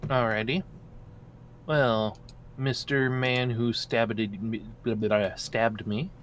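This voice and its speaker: A man's voice: mid-range voice, steady tone, slow, a little hiss or hum. A man playing a tabletop game, joking and teasing in casual chat. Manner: playful, jokey and teasing. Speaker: player.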